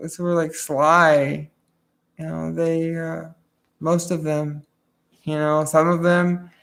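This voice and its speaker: A woman streamer in a casual, confessional chat, rambling and swearing, often trailing off quietly. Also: low voice.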